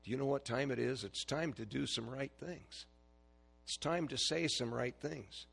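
A man's voice: medium pitch, normal speed, vocal fry, fairly bright tone, husky. A man preaching a sermon in church in a folksy way, putting questions to the congregation.

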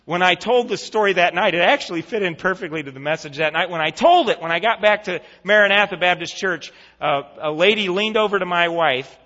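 A male pastor preaching a sermon, telling a vivid story and then making an earnest, hushed appeal. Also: sits high, fairly quick, few pauses. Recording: echoey church hall, dull lo-fi sound.

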